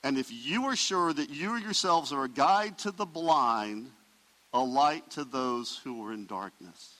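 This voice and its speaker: A man preaching a sermon as pastor, emphatic, swelling loud and dropping soft. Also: mid-range voice, animated, unhurried, in a large hall, poor audio.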